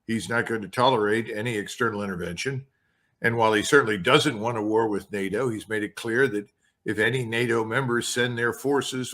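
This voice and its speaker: A man's voice: on the low side, fairly bright tone. An older man, a retired army colonel, speaking bluntly and emphatically as an interview guest. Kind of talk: interview, commentary.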